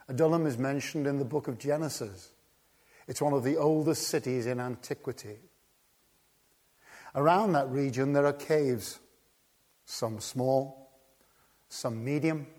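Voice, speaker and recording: A man preaching a sermon, dramatic, swinging from hushed tones to urgent, rising appeals. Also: mid-range voice.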